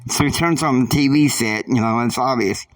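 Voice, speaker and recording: A man narrating an improvised family saga in a halting, rambling way, full of fillers, recorded dry from a distant mic. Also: medium pitch, no room sound. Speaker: storyteller.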